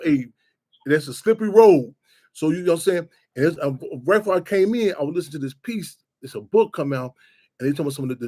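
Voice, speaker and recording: Fast-talking high-voiced man rambling. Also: a little mellow. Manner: rambling, repeats "you know what I'm saying". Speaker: radio show host. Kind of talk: casual monologue.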